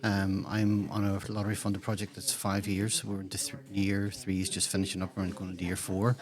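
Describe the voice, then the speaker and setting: A man's voice: low-pitched, monotone, a little fast. A man hosting a casual community podcast interview, rambling through restarts and fillers. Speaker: podcast host and digital hub coordinator. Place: community centre room. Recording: background chatter of a group.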